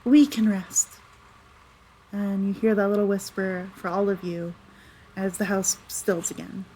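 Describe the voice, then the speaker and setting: A woman's voice: mid-range voice, little pitch movement, normal speed, darkish tone, slight background noise, poor audio. A woman narrating as game master of a tabletop game, chatty and rambling with lots of fillers. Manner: chatty, rambling, with many fillers and self-corrections.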